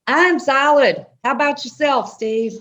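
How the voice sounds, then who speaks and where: A woman's voice: high voice, a little slow, a bit bright, highs cut off. A woman in her fifties from Nashville with a Southern drawl, chatting folksily as a guest in a casual interview. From Nashville, Tennessee. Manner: folksy and playful, calls the host honey. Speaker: guest, company CEO.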